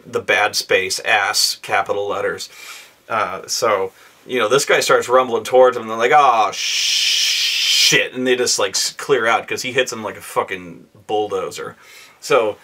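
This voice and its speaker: A man in his thirties telling a profane, animated story about a tabletop game, acting out his players' lines in raised voices. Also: on the low side. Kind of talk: casual storytelling monologue.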